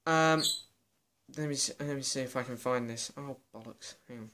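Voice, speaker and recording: A man's voice: mid-range voice, normal speed, a bit bright, slight background noise. Chatty young British man vlogging. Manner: chatty, self-mocking, reads out viewer questions. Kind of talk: casual Q and A chat.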